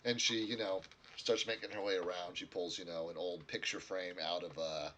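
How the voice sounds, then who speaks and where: A man's voice: low voice, flat delivery, normal speed, a bit bright, a little hiss or hum. A man narrating as game master in a tabletop game, in a loose, rambling way, searching for words as he goes.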